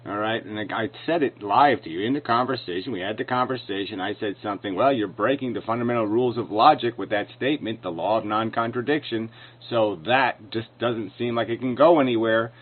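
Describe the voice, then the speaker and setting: A man delivering a heated, profane commentary rant, scornful and combative as he answers recorded clips. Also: mid-range voice. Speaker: video commentator responding to clips. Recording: lo-fi phone-like sound.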